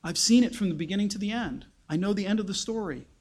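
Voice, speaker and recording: A man voicing God as a calm, all-knowing male deity speaking in a steady, matter-of-fact way. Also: high voice, fast talker. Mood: patient.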